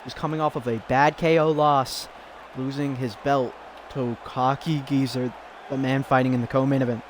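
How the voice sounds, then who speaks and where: A man casually commentating a fighting game, excitable and giggly, rambling between calls. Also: medium pitch, moderate pace, a faint crowd, slight background noise.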